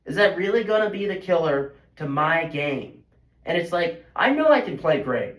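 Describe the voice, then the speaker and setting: Teen boy, slightly high voice, frustrated self-critical venting, rambling restarts, roomy echo. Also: big pitch swings, moderate pace, a bit bright. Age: teens. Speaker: high school golfer. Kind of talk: emotional venting monologue.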